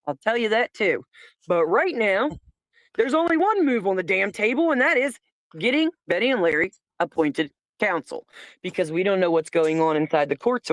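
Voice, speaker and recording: A woman's voice: fairly high pitch, dry recording. Woman co-host, blunt and emphatic, cusses, dry close sound. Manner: emphatic, blunt, swears freely. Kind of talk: livestream casual chat.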